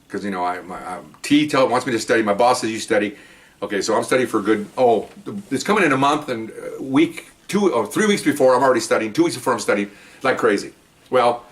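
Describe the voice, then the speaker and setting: A man's voice: medium pitch, far from the mic. A man, older, telling stories from his police days in a casual monologue, acting out other people's lines and often laughing.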